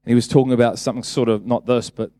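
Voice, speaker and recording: A man's voice: medium pitch, steady tone, racing, dark tone, no room sound. A man preaching a casual sermon, talking conversationally, then building to emphatic bursts and asking the congregation rhetorical questions.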